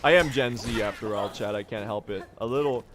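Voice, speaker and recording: A man's voice: lowish voice, brisk, crowd noise. A man in his twenties chatting casually and swearing while streaming a game speedrun. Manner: chatty, joking, swears often.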